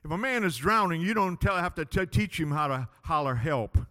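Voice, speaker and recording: A man preaching a sermon as pastor, impassioned, swinging between loud declarations and hushed pleading. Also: on the high side, animated, brisk, big-room sound.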